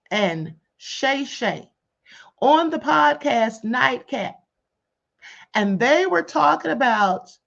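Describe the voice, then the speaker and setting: Woman on a live stream chatting w her viewers, kinda high voice, muffled lo-fi audio, calls everyone honey. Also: gravelly. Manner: animated, addresses chat as beloveds and honey. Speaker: livestream host. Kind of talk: casual commentary livestream. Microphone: computer or headset mic on live stream.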